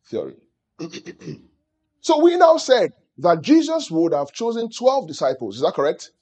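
A husky-voiced man delivering a teaching sermon to his congregation. His pitch sits a touch high and swings widely as he presses points home, stopping again and again to put questions to the room. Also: dark tone. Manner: calls out questions to the audience. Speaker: pastor.

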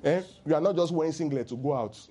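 The man's fast, fairly high voice carries a lively, teasing sermon. As pastor, he leads the congregation in call-and-response.

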